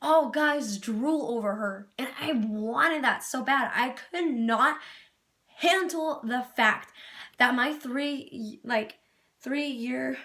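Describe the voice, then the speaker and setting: A woman's voice: high voice, takes it slowly, pushed and bright. A young woman talking to camera in an earnest, rambling personal vlog, laughing at herself and at times tearful. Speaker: vlogger.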